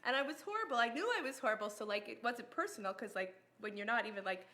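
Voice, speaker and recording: Bright laughing woman telling a story. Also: on the high side, expressive, fast talker. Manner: laughing often, acting out both sides of the story. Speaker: participant in a women's group discussion. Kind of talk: casual storytelling chat.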